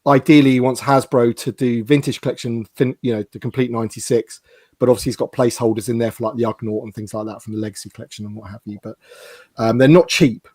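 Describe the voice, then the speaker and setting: Male co-host, mid-pitched, dry sound, relaxed and chatty. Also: dry recording. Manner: chatty and jokey, drifts quickly between thoughts. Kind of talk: casual live-stream chat.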